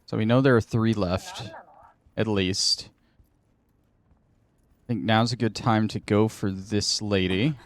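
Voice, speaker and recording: Low, slow-talking male game streamer. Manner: muttering to himself, thinking aloud. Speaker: gaming channel host. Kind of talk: casual gameplay commentary.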